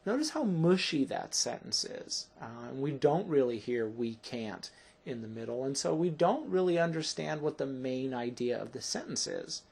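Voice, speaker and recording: A middle-aged man gives a classroom grammar lesson. His voice is gravelly and a little husky. He explains step by step and keeps checking in with his listeners. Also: mid-range voice, animated, moderate pace, darkish tone. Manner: explanatory, often checking with "right?". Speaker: teacher.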